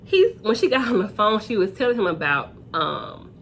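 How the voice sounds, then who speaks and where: A woman hosting a casual reality TV recap, chatty and acting out quotes in high voices. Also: sing-song, moderate pace, a bit bright, a little hiss or hum.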